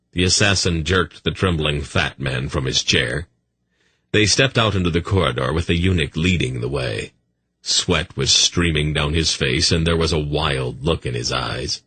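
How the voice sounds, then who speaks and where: A man narrating a fantasy audiobook in a measured storytelling manner. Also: extremely low pitch, sharp tone, breathy edge, no room sound.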